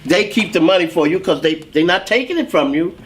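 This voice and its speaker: High-voiced man telling his life story. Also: fairly quick. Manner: animated storyteller acting out other people's voices. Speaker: guest, saxophonist. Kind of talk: storytelling interview.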